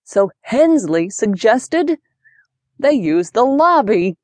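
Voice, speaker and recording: A woman voicing a friendly older boy cousin who shares news slowly and excitedly. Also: fairly high pitch, no room sound.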